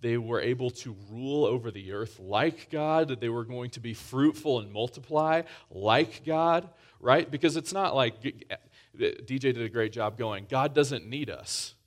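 A man's voice: medium pitch, a little slow. Conversational male preacher, restarts a lot. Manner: conversational, many restarts, rising emphasis. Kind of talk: sermon.

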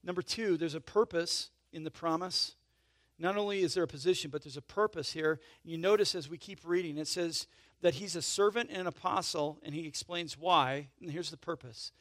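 A man preaching a sermon in a conversational way, checking in with "right?" and "okay?" and swinging from emphatic swells to soft asides. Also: a little high, normal speed, dry recording, clean studio sound. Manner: emphatic swells in volume, then drops to soft intimate asides. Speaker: pastor.

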